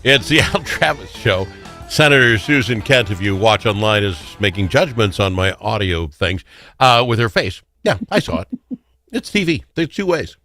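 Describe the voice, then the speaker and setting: A man's voice: on the low side, lively intonation, moderate pace, pushed and bright, faint music behind. A middle-aged man hosting a talk radio show, rambling through stories and joking with frequent laughs. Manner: rambling, joking storyteller who laughs often. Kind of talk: casual talk radio chat.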